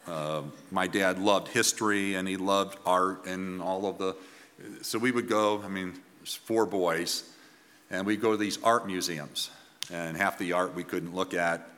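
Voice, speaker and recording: A man preaching in an earnest, emphatic way, pausing and restarting as he drives each point home. His voice is low and bright, and he speaks slowly. Long reverb from the hall trails behind his words. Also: fairly even intonation. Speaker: pastor. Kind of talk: sermon.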